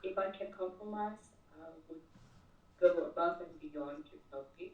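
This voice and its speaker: Narrow, tinny audio carries a woman's lowish voice at a moderate pace. She's an interview guest casually telling a work story, frequently repeating words as sentences begin, recorded on a distant mic with roomy echo.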